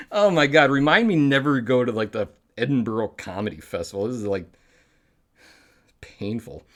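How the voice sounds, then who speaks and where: Rambling, animated male talk show host. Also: medium pitch, measured pace, long pauses. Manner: rambling, laughs at his own bad jokes. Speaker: public access show host. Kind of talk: rambling live sign-off chat.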